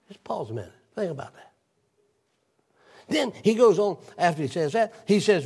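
An older male pastor, possibly, preaching a sermon. He tells a personal story and reads scripture aloud, dropping low and soft for emphasis. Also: animated, moderate pace, long pauses, husky.

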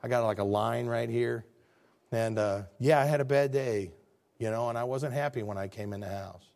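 With a gravelly voice at normal speed, a pastor gives a conversational sermon, shifting from quiet, low-pitched stretches up to loud, high ones.

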